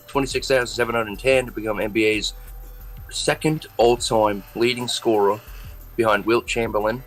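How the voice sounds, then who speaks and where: Chill guy reading old sports scores, mid-pitch voice, music under it. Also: a bit bright, poor audio. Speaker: co-host reading history facts. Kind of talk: casual chat.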